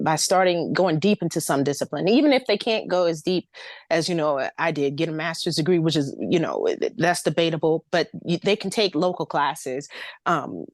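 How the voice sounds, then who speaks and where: A woman from the American South speaks with a light Southern accent in a low, articulate voice. She is expressive and laughs easily as a guest in casual conversation. The recording is dry and close, with no room sound. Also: no echo. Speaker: guest, ghostwriter.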